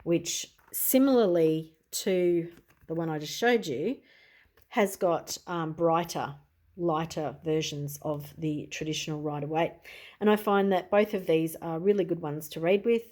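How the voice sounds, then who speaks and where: A woman's voice: low voice, a little slow, a little mellow. A middle-aged Australian woman, a tarot reader, chatting easily in a show-and-tell video, often adding "you know" and "I suppose.".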